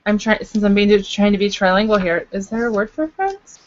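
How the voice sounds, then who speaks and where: A woman's voice: mid-range voice, lively intonation, a little fast, muffled recording. A woman from Canada chatting casually to camera in a video blog, rambling with fillers and playful asides. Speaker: vlogger. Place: at home in Los Angeles.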